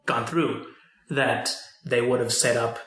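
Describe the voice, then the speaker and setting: A man with a bright, forceful voice rambles through a casual movie chat, full of fillers and false starts. His voice bounces around an echoey room. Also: medium pitch, fairly even intonation, slow pace. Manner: rambling, many fillers and restarts. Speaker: podcast co-host.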